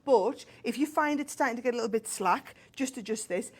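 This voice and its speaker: A woman's voice: fairly high pitch, brisk. A woman with a northern English accent giving a chatty step-by-step sewing demonstration, checking in with "right?" as she goes. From northern England. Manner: chatty, explains step by step, tag questions. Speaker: crafting guest expert.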